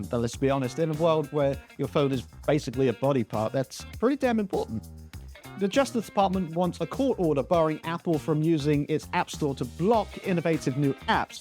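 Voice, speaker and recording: Man hosting a jokey tech news show, slightly high voice, dry self-mocking quips over faint music. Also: darkish tone. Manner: sarcastic, self-deprecating jokes. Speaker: comedy tech news host. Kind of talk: comic tech news monologue.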